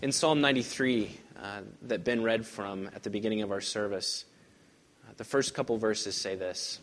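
A male pastor preaching a sermon and reading scripture aloud, pressing hard on key words and then dropping to hushed, quiet lines. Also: on the low side, normal speed. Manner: emphatic, swings from loud stresses to hushed lines.

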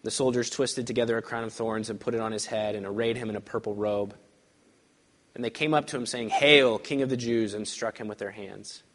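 A male pastor preaching a sermon and reading scripture aloud, pressing hard on key words and then dropping to hushed, quiet lines. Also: on the low side, steady tone, a little fast. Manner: emphatic, swings from loud stresses to hushed lines.

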